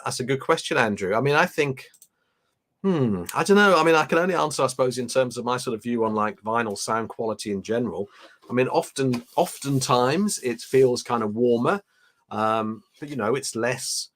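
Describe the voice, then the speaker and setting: A chatty man hosting a live stream, rambling easily as he reads out viewers' comments. His voice sits at an ordinary middle pitch, and he talks in a loose, unscripted way at a desk mic. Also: a bit bright. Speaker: livestream host. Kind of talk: casual live unboxing chat.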